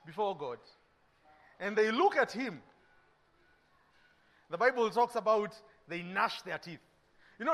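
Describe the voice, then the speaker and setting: A Kenyan man delivers a sermon in a high-pitched voice. He preaches with energy, dropping to hushed lines and then rising again, and acts out everyday dialogues to make his point. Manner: animated preaching, acting out mock dialogues, swinging between loud and hushed. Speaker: pastor.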